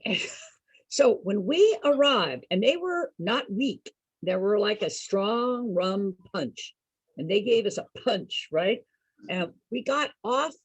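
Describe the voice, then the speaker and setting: A woman entertaining program participants with an animated personal story, laughing often and asking her listeners questions. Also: mid-range voice, husky, dry recording, poor audio.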